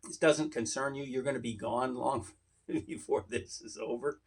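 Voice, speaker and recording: A man's voice: medium pitch, normal speed, slightly rough. A man voicing a stern angel who brushes off a prophet's question, in a dismissive, curt way.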